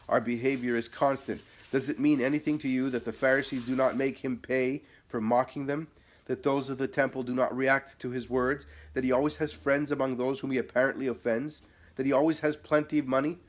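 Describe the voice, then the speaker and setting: A man's voice: lowish voice, darkish tone, natural voice. A man reading the part of an earnest apostle pleading with his cousin to beware of a false friend. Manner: impassioned, pleading.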